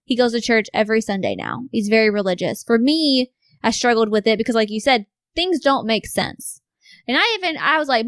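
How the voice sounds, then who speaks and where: A woman in her thirties tells stories on a podcast with a fairly high, lively voice, swearing freely and acting out what people said. The recording is close and dry, with no room sound. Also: brisk, no room sound. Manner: animated storyteller, swears freely, acts out quotes. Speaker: podcast guest. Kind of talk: casual chat.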